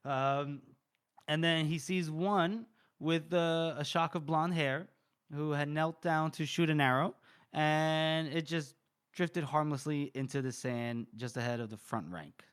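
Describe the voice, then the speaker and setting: A young man co-hosting a podcast, casually retelling a book chapter with quick voiced quotes and laughs. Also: fairly high pitch, steady tone, clear, resonant tone. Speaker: podcast co-host.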